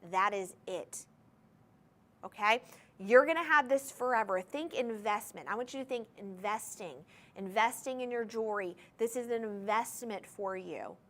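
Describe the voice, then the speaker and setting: A woman hosting a shopping channel, giving an enthusiastic live sales pitch for jewelry and talking straight to viewers in a TV studio. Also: fairly bright tone. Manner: enthusiastic, chatty, addresses viewers directly. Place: TV studio with controlled lighting.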